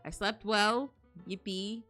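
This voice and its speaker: A young woman streaming from home, chatting casually with her viewers, excitable and rambling, often breaking into gasps and laughs. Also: mid-range voice, takes it slowly, soft background music. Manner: rambling, restarts sentences. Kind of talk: casual live-stream chat.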